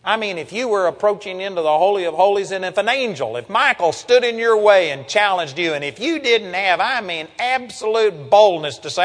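A man's voice: high-pitched, expressive, normal speed, hardly any pauses, big-room sound. An older man preaching a sermon in an earnest, folksy way, reading Bible verses aloud.

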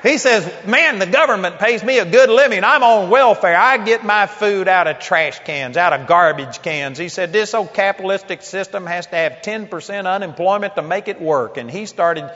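A high-voiced, bright-toned man preaches, telling a story full of acted-out quotes and laughs. His voice rings with a long hall echo on a dull, lo-fi recording with faint noise behind it. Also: normal speed, hardly any pauses. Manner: animated storyteller, acts out quotes, laughs often. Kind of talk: sermon storytelling.

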